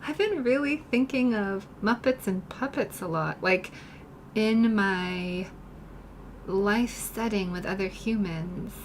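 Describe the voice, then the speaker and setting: A woman artist chatting softly to her live-stream viewers while she paints in her studio, turning gushing and grateful when they praise her work. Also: medium pitch, slow, a little hiss or hum. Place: home art studio.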